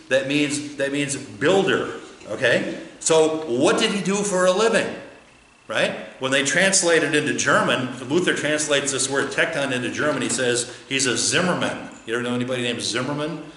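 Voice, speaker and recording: A man's voice: medium pitch, pushed and bright, a little hiss or hum. A male pastor teaching a conversational sermon, often asking the congregation questions and answering them himself, with an American accent. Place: church sanctuary. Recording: roomy church with faint ambience.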